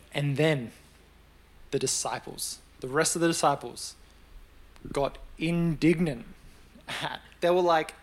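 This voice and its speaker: A young adult man preaching a sermon in a conversational style, acting out the voices of the people he quotes. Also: on the high side. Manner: conversational, animated storytelling with acted-out quotes.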